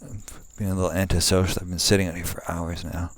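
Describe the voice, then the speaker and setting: A man's voice: low voice, flat delivery, fast talker. A young man rambling casually outdoors at night, with many fillers and restarts, swearing now and then. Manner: meandering, frequent fillers and restarts; laid-back, swears casually. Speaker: vlogger.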